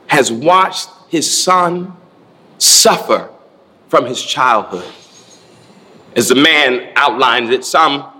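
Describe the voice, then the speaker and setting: A man's voice: fairly high pitch, a bit bright, big-room sound. A man preaching a sermon, building his points through rhythmic repeated phrases. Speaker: pastor.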